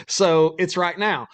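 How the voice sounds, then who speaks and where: A man's voice: sits high, a bit bright. A man hosting a casual chat, upbeat and promotional. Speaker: host.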